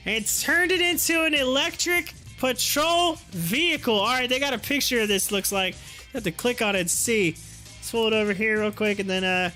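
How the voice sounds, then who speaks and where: A man hosting a casual stock market livestream, chatty and excitable, laughing often as he talks. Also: very high-pitched. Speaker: stock market livestream host and youth football coach.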